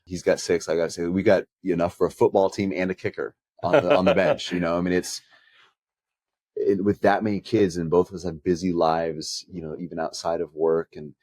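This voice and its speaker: A man with a low, deep voice talks in an earnest, reflective tone, weaving personal stories into casual podcast chat. His voice is recorded close and dry, with no room sound around it. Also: little pitch movement, a little fast, darkish tone, no room sound. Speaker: podcast co-host and pastor.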